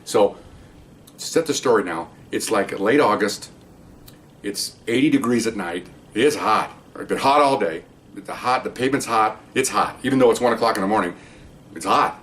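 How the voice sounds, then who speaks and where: A man's voice: on the low side, lively intonation, normal speed, fairly bright tone. An older man, a retired police officer, telling a story from his career in a rambling, casual way, restarting sentences and often checking in with an "okay?". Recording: distant mic with faint background hiss.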